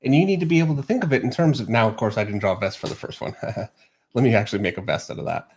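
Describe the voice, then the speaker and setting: A middle-aged man hosts a relaxed livestream, chatting and laughing easily. He explains a drawing step by step in an ordinary mid-range voice. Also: mid-range voice, fast talker, slight background noise. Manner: easygoing, laughs often, explains while drawing. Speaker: host, artist. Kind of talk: casual livestream chat and drawing lesson.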